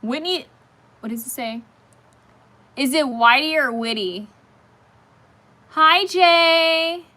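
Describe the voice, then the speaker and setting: Bright-voiced chatty woman live-streaming. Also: high-pitched, takes it slowly, long pauses. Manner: chatty, talks straight to viewers, reacts to comments on the fly. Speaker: live-stream host reading viewer comments. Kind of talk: casual live-stream chat.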